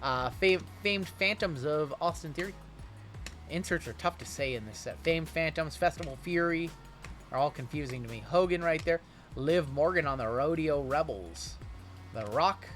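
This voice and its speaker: Man, card break host, casual livestream chat, fielding viewer questions, slightly high voice, soft music behind. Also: normal speed. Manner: chatty, answers viewer questions while opening packs.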